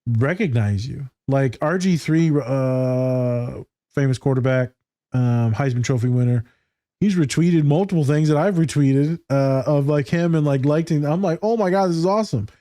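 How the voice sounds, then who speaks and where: A man with a warm, mellow voice chats casually on a podcast, getting excitable and swearing freely. His voice is mid-pitched and sounds dry and close, with no room around it. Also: measured pace, dry recording. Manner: excitable, profane, laughs often. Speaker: podcast co-host.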